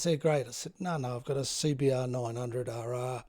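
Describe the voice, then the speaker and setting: A man in his fifties with an Australian accent, a guest telling stories in a relaxed, halting way, full of fillers. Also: mid-range voice. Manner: laid-back, many fillers and restarts, acts out others' lines. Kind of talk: casual storytelling chat.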